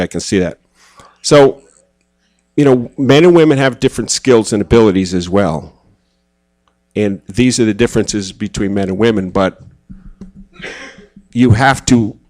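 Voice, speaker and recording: A man speaking at a church gathering in a relaxed, conversational sermon style, telling personal stories with self-deprecating humor. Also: on the low side. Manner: casual, self-deprecating, acts out quoted voices.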